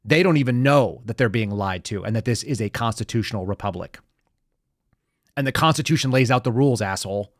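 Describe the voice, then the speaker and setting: A man's voice: medium pitch, fairly quick, no echo, studio quality. Fired-up, sarcastic male podcast host. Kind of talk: heated political commentary.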